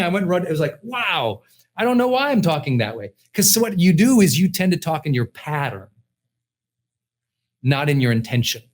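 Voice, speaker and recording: A middle-aged man, a personal development coach, giving an emphatic motivational class lecture and repeating his key points. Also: sits high.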